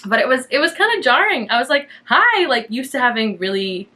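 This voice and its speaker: A young Canadian woman hosts a knitting podcast as a casual chat to camera, talking fast in a fairly high voice with big pitch swings. She rambles loosely with lots of fillers and small restarts, and her voice leaps up brightly whenever she quotes herself.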